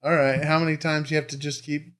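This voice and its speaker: A man's voice: on the high side, level tone, fast talker, a bit bright. A man co-hosting a podcast in casual chat, self-deprecating and laughing as he talks. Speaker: podcast co-host.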